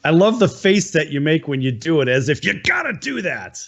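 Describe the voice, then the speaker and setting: A male talk-show host with a slightly raised pitch welcomes viewers and guests in an eager, promotional way. The recording sounds a little dull and lo-fi. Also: very animated, gravelly. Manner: enthusiastic, promotional, quick asides.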